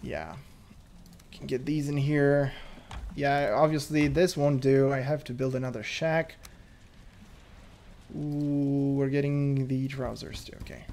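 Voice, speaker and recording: A man's voice: medium pitch, fairly even intonation, slow pace, creaky, pauses often, darkish tone, slight background noise. Chatty nervous man narrating his gameplay. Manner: chatty, nervous laughs, thinks aloud. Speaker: gameplay commentator. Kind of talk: casual gameplay commentary.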